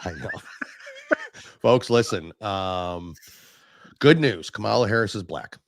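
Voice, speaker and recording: A male podcast host talks in crude, mocking casual chat, his pitch leaping up and down. The sound is close and dry, with no room to it. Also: very animated, slow pace, no echo. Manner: crude, sarcastic, mocking, swears freely.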